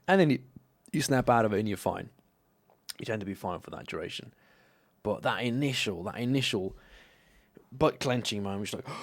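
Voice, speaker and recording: A man's voice: medium pitch, moderate pace, long pauses. A young man from Slovenia telling rambling, profane stories in a casual live stream. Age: young adult. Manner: rambling, profane, animated anecdotes.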